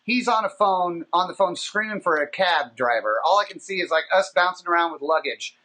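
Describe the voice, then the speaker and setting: A man with a fairly high, bright voice spins a rambling, profane story on a casual podcast. His pitch swings widely as he talks, giving the tale an animated, lively bounce. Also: fairly quick. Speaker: podcast host.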